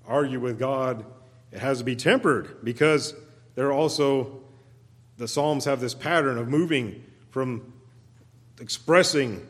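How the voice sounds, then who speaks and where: A man delivers a sermon in a deliberate, unhurried way, his voice sitting at an ordinary middle pitch. He builds into loud, pleading cries when quoting the psalms, then drops back to a quieter tone. His words trail into the long echo of a church sanctuary. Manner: occasional restarts and repeated words. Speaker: guest preacher.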